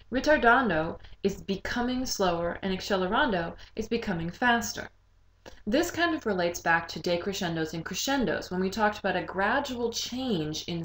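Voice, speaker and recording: A woman teaching a recorded music lesson, explaining rhythm clearly and singing short phrases to demonstrate. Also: mid-range voice, slight background noise, low-quality recording.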